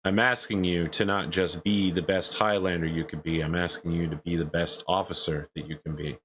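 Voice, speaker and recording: A man voicing a female military commander who speaks in a measured, formal way. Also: low-pitched, little pitch movement, fairly bright tone, slight background noise, rough recording.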